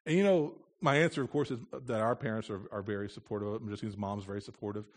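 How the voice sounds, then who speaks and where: A man's voice: lowish voice, quick pace. A man from the United States, a missionary preaching in a church, speaking in an earnest, plain-spoken way with touches of light humor. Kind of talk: conversational sermon.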